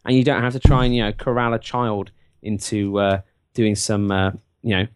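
A man's voice: fairly low pitch, flat delivery, moderate pace, smooth, no room sound, studio quality. A man co-hosting a casual podcast chat, full of wry, self-pitying banter. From England. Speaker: podcast co-host.

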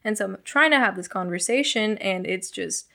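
A woman's voice: medium pitch, moderate pace, vocal fry. Candid young woman telling her story. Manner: frank, profane, animated retelling. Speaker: guest.

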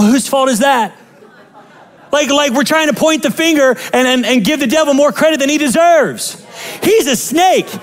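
High-voiced, animated male preacher. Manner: animated, humorous, emphatic preaching. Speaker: pastor. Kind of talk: sermon.

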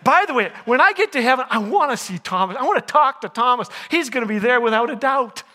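A man's voice: very high-pitched, expressive, fast, background noise. A man giving a humorous sermon to a college audience, asking them questions, joking, and acting out the lines of the story. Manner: jokey, asks the audience questions, acts out quotes. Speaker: chapel speaker.

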